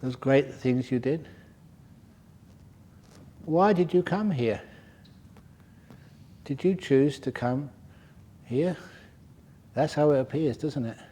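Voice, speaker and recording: A man's voice: medium pitch, slow, pauses often, mellow. An older man giving a humorous Dharma talk at a meditation retreat, telling stories and chuckling often. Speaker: meditation teacher. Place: retreat centre hall.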